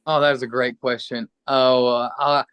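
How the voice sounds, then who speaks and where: A man's voice: mid-range voice, moderate pace, clean tone, no room sound, dull audio. A middle-aged man from Kentucky, a musician guest chatting casually and a bit rambling in an interview. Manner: relaxed, rambling, friendly.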